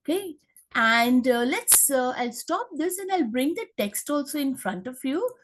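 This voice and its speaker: Woman teacher, high pitch, chatty lesson delivery with fillers. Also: lively intonation, unhurried, background noise. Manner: chatty, many fillers and checks. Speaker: English teacher. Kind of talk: explaining a lesson.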